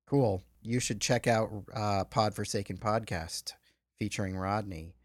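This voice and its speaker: A man's voice: lowish voice, unhurried, dry recording, clean studio sound. A middle-aged man hosting a film podcast, reading a polished intro, then chatting casually. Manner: reads a polished intro, then relaxed banter. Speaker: podcast host.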